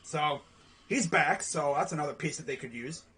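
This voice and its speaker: A young man doing live play-by-play reaction to a basketball game from home, slangy and excitable, yelling and groaning at missed shots. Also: fairly high pitch, normal speed, breathy edge. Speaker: play-by-play streamer.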